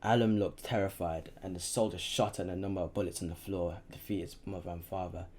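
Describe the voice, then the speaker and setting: Man, low voice, reading a novel aloud, halting, stumbles and restarts. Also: fairly even intonation, darkish tone. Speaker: reader.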